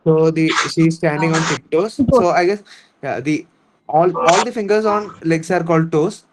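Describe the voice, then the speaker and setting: A man's voice: fairly high pitch, noisy background. A man with an Indian English accent reading a story aloud in an online English lesson and explaining each word patiently, often repeating himself. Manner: explains words slowly and repeats, with restarts. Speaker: English teacher. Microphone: online class.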